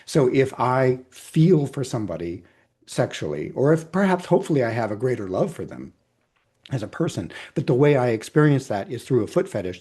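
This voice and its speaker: A man's voice: medium pitch, very animated, a little fast, mellow, slightly rough. A middle-aged man, a clinical psychologist, explaining ideas in a thoughtful, hedging way over a video call, often checking in with "right?". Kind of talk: conversational explanation.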